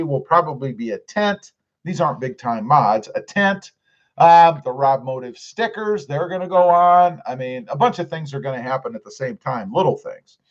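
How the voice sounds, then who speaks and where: Male streamer, casual chat reader, animated and slightly high, dull lo-fi audio. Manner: reads viewer comments aloud and answers them. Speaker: livestream host reading chat.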